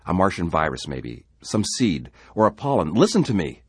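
A man's voice: low-pitched, very animated, normal speed, slightly rough, dry recording, studio quality, pitched above the performer's own voice, heavily acted. A man voicing a frightened settler who talks urgently and pleads with others. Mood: pleading. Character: anxious male settler, frantic and fearful.

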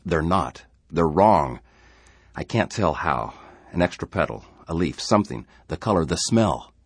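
A man's voice: low-pitched, animated, unhurried, husky, no echo, voice pushed up, heavily acted. A man voicing a frightened settler who talks urgently and pleads with others. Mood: frantic. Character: anxious male settler, frantic and fearful.

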